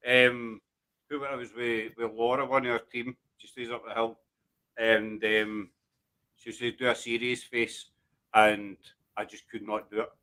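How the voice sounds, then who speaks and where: Glaswegian male host, rambling and jokey, bright forward tone, casual chat. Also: mid-range voice, flat delivery, unhurried, low-quality recording. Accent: Glaswegian Scottish. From Glasgow, Scotland. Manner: jokey, rambling, self-deprecating.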